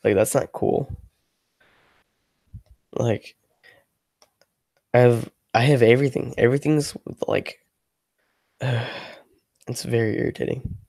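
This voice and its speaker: Guy venting on his stream, kinda gravelly, all "like like like", dry no-room sound. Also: mid-range voice, fairly even intonation, slow, long pauses, darkish tone, no echo. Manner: rambling, frustrated, heavy on "like" fillers; swears freely. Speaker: ASMR channel creator, livestreaming. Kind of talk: casual livestream rant.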